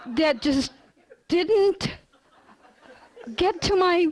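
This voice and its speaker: High-voiced woman telling a story. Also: slow, long pauses, poor audio. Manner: lively storyteller with non-native grammar. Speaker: lecturer. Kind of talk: personal story told in a lecture.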